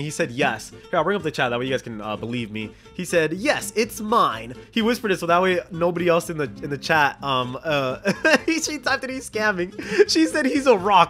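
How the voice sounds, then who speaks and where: Giggly, high-pitched gaming commentator. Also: male voice, bright, forceful tone. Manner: giggly, often breaks into laughter; reads chat messages aloud in an exaggerated voice. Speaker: gaming YouTuber. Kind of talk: excited gameplay commentary.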